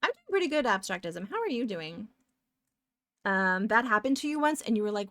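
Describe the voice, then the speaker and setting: A chatty woman live-streaming as she draws, her talk loose and rambling as she drifts onto tangents and replies to viewers. Her voice sits at an ordinary middle pitch. It is recorded dry and close, with no room sound. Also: big pitch swings, brisk, fairly bright tone, dry recording. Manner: chatty and rambling, goes off on tangents and reads chat aloud. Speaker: live-streaming pixel artist. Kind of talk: casual live-stream chat while drawing.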